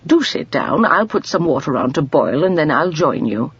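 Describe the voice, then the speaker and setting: A woman voicing a gentle but firm, cheerful grandmotherly older woman. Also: low-pitched, sing-song, moderate pace, breathy edge, no room sound, lo-fi sound, heavily acted. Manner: gentle, firm, warmly amused.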